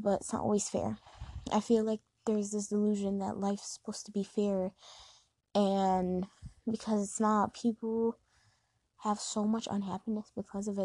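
A woman's voice: medium pitch, mellow. A young woman hosts an advice podcast from her bedroom and talks loosely, full of fillers. Her delivery stays level with little rise and fall, and the sound is dry with no room echo. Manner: chatty and rambling, many fillers. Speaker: podcast host. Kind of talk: casual advice monologue. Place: bedroom at home.

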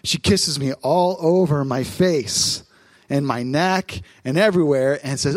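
A man, a pastor in his thirties, preaching a sermon on stage in church, telling family stories in a lively, animated way. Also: a little high, no echo. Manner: warm storytelling, lively, quick asides.

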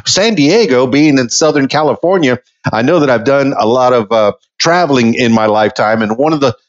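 Chatty excited guy hosting a podcast, mid voice, bit muffled. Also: medium pitch, fairly quick. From Miami, Florida. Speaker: podcast host. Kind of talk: casual interview talk. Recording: lo-fi recording.

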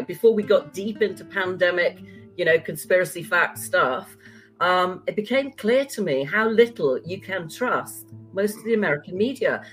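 A woman's voice: mid-range voice, rough recording. An older woman with a standard British accent, a former journalist chatting as a guest in an interview. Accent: standard British (BBC English). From United Kingdom. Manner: chatty, quick asides and light laughter. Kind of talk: casual interview conversation.

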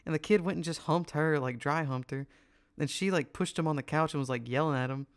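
A young man in loose podcast banter, telling rambling stories full of "like." His voice sits a little high for a man. He laughs often and chatters on easily. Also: a little fast, clear, resonant tone. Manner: rambling storytelling, lots of "like", bursts of laughter. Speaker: podcast co-host. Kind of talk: casual crude chat.

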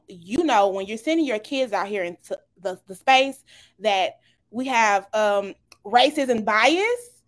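A woman, speaking animatedly in a casual panel talk, laughing and asking the group for advice. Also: fairly high pitch. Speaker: parent panelist.

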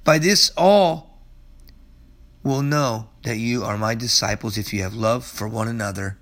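A man in his forties, a pastor preaching and praying in earnest, emphatic bursts that drop to soft prayer. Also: mid-range voice, measured pace. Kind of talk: sermon and closing prayer. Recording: loud guitar music behind.

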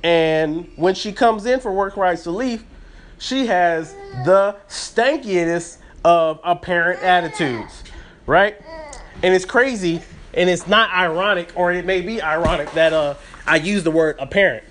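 A man's voice: high voice, a little slow, fairly bright tone, slight background noise. A man hosting a podcast, telling a story as a casual, rambling rant full of fillers and restarts. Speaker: podcast host.

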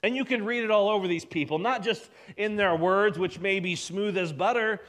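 Man, high voice, sermon, emphatic preacher, drops low and soft for emphasis. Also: normal speed. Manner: emphatic preaching, dropping low and quiet for weight. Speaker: pastor.

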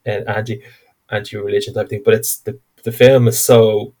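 A man casually discussing a horror film, animated, acting out quotes and repeating words as he thinks. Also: on the low side, normal speed. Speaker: podcast co-host.

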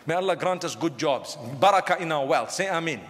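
A man's voice: fairly high pitch, animated, fairly quick, a bit bright. A man from Africa, preaching a humorous lecture-style sermon to a live audience and often asking the crowd questions. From southern Africa. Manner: humorous, asks the crowd questions, mimics people. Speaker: Islamic preacher. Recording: long reverb of a large hall.

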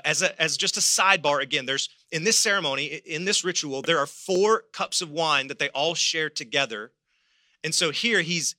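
A male pastor preaching a sermon, emphatic and building to loud exclamations. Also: fairly high pitch, dry recording.

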